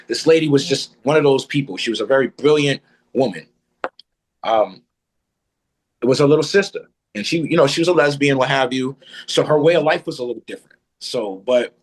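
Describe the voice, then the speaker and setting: A man's voice: mid-range voice, breathy edge, low-quality recording. A man telling a personal story as a podcast guest, blunt and profane.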